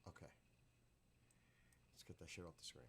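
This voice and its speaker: A man's voice: normal speed, fairly bright tone, slight background noise. A man chatting casually on a live stream, rambling, swearing freely and bursting into laughs. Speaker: livestreamer.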